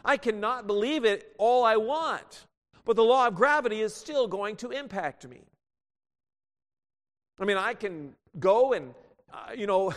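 A man's voice: high voice, normal speed. A man preaching a sermon, teaching from scripture and acting out the voices of the people he quotes. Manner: animated, acts out quoted voices. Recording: long reverb of a hall.

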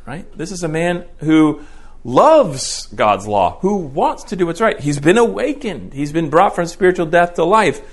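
Guy with a slightly high voice doing verse by verse bible teaching, walks thru it slowly, lots of "right?". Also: fairly bright tone. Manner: explanatory, frequent rhetorical "right?" checks. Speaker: preacher.

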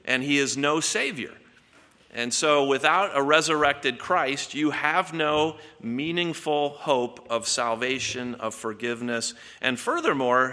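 A man delivers an expository sermon with earnest emphasis, doubling back on words as he presses each point. His voice is bright and sharp, in a hall with a long reverb tail. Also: on the high side. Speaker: pastor.

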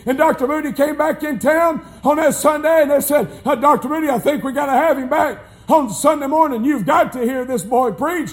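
A man preaches in a very high voice. His delivery is folksy and emphatic, and it builds up to shouting. This is a live church sermon recording. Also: a little fast, hardly any pauses. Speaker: pastor.

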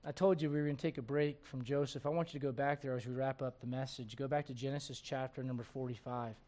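A middle-aged man preaching a sermon to his congregation in a folksy, animated way, slipping into acted asides. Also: medium pitch, fast talker. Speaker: pastor.

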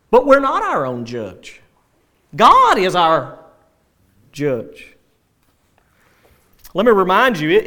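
A male pastor preaching a sermon, animated, with dry sarcastic asides. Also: high voice.

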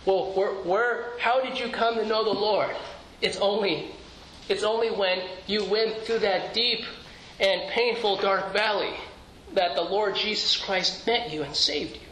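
In a church sanctuary, a male pastor with a high, sharp voice preaches at a measured pace, his intonation fairly even. He talks earnestly and conversationally, posing rhetorical questions and restarting phrases. The echoey church room carries faint noise.

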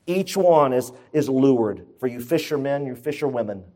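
A man's voice: medium pitch, expressive, normal speed, mellow. A pastor preaching to his church congregation, emphatic and conversational, repeating his key points and putting questions to the room. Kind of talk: sermon.

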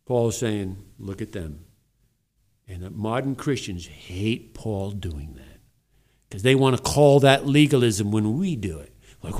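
A man who is a pastor, preaching a sermon in a church and swinging between loud emphasis and low, mocking asides. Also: very animated, unhurried.

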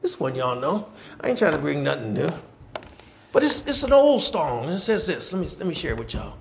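A male pastor delivers a sermon, his voice high and gravelly. He swings widely in pitch, repeats his lines, and rises to shouts. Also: very animated, a little fast. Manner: repetitive call-and-response preaching, swelling to shouts.

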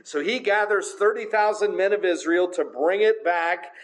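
A man's voice: sits high, moderate pace, poor audio. A man preaching a sermon in a conversational way, with frequent filler sounds. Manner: conversational, many filler uhs.

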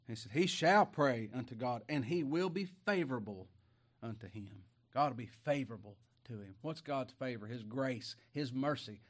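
A middle-aged man preaching a folksy sermon, moving from quiet asides to emphatic raised lines. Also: mid-range voice. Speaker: pastor.

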